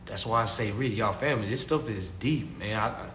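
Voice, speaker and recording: A man's voice: fairly low pitch, moderate pace, fairly bright tone, slight background noise. Preachy young man in an echoey room. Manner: preachy, repetitive, calls listeners family. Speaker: consumer law class teacher. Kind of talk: casual talk to followers. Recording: echoey room with faint ambience.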